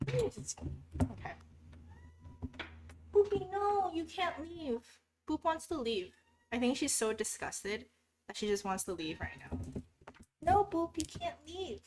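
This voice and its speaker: A young woman with a high, sing-song voice films a casual cooking vlog for her YouTube viewers in her home kitchen. She's chatty and a little flustered, giggling as she talks herself through each step, going slowly with frequent pauses. The roomy kitchen adds echo, and there's faint background noise.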